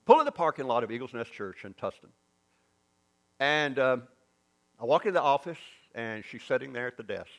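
Speaking at a moderate pace with long pauses, this man with a Southern US accent preaches a sermon story. His voice is mid-range, and he lively performs the dialogue of its characters.

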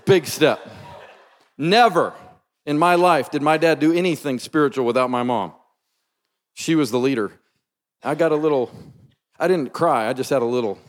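A man's voice: a little high, moderate pace, pauses often. A man preaching a sermon, telling a personal story in an earnest, emphatic, conversational way. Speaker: pastor. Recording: long reverb from a large hall.

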